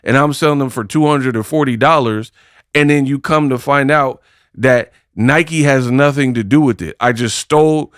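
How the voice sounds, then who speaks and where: A man's voice: medium pitch, clean tone, no echo, studio quality. A man hosting a casual boxing commentary video, exasperated and full of rhetorical questions.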